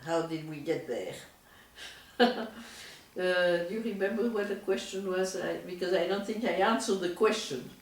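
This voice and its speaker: An older woman from Europe, a retired doctor, giving an oral history interview in slow, digressive, reflective stories. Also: on the low side, far from the mic. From Europe, France and Belgium. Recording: roomy echo, voice from off-mic.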